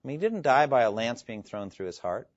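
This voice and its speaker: A man preaching a sermon, earnest and emphatic, quoting scripture and pausing for effect. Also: mid-range voice, very animated, no room sound. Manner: earnest, emphatic, with dramatic pauses and quoted scripture. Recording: dull lo-fi, dry sound.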